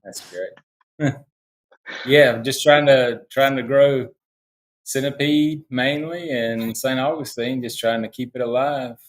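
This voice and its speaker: A man's voice: mid-range voice, steady tone, slow. A man with a South Georgia accent speaks as a podcast guest in a mid-range voice. He talks in an easygoing, laid-back way and draws out his phrases. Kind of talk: casual podcast chat.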